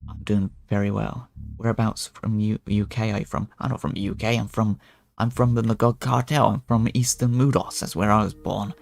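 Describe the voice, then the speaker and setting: A man's voice: lowish voice, steady tone, normal speed, creaky, a little mellow, no room sound. A man streaming as a VTuber, giving casual in-character gameplay commentary and rambling with frequent stumbling restarts.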